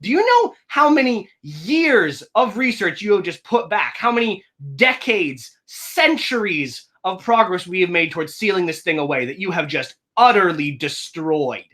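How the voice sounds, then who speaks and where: A man's voice: sits high, animated, moderate pace, sharp tone, pitched above the performer's own voice. A man voicing a tense armed man who urgently coaxes a kid to come to him, in a tabletop game. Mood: furious. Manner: urgent, pleading.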